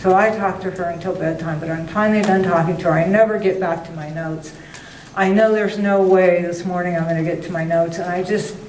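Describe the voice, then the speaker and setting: An older woman giving a guest talk, telling a funny, self-mocking story in a chatty, animated way. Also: lowish voice, a little hiss or hum. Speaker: guest speaker. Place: meeting hall. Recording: roomy hall, distant mic.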